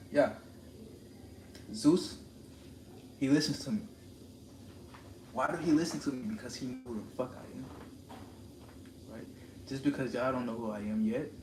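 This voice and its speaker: A man streaming live, talking in a confrontational, preachy rant and repeating lines for emphasis. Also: medium pitch. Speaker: livestreamer. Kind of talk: ranting live stream monologue. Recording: roomy echo with steady background noise.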